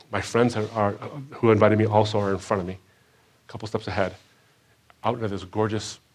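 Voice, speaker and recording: This is a man relating his faith story to a live audience. Quoted lines come out higher and louder, while the emotional stretches are delivered low and hushed.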